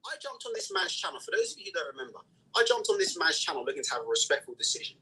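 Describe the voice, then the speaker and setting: A man's voice: fairly high pitch, sing-song, rapid-fire, sharp tone, husky, rough recording. A man from England, a guest on a video call, insistently pushing to make his point in a heated online debate.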